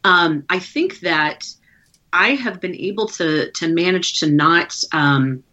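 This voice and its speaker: A woman being interviewed as a guest, talking in a relaxed way and laughing easily. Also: lowish voice, slow, muffled recording. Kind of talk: casual interview chat.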